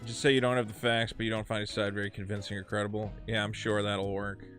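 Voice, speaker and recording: A man's voice: on the low side, quick pace, soft background music. A man streaming a video game, chatting casually and ranting with a lot of swearing. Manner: profane, ranting, animated. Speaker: streamer and podcast host. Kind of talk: casual gameplay commentary.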